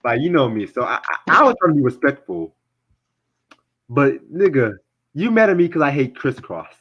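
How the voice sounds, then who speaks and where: A young man with a husky, mid-range voice hosts a loose podcast conversation, swearing freely and laughing often as he talks. The recording sounds dull and lo-fi. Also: medium pitch, very animated, normal speed. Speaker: podcast host and music reviewer. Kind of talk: casual profane podcast chat.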